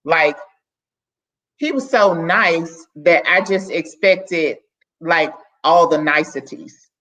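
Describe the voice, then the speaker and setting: A woman's voice: on the low side, takes it slowly, a bit bright. A woman who is a guest on a podcast, talking candidly and earnestly and often starting over in mid-sentence as she chats casually. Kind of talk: casual conversation. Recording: dull lo-fi sound.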